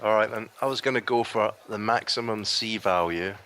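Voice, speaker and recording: A man co-hosting a podcast, chatting in a dry, deadpan way. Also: lowish voice, normal speed. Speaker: podcast co-host. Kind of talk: casual chat.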